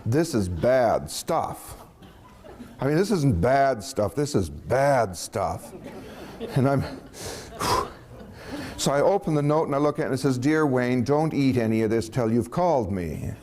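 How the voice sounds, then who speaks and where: A man's voice: medium pitch, measured pace. Chuckling man telling a story. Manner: animated storytelling, chuckling, acting out quoted voices. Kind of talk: casual anecdote telling.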